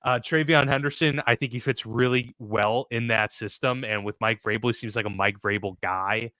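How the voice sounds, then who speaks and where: A man's voice: medium pitch, steady tone, moderate pace, bright, forceful tone, dry recording. A man co-hosting a casual sports podcast, easygoing and agreeable as he runs through picks. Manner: easygoing, agreeable, laughs along. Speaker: podcast co-host.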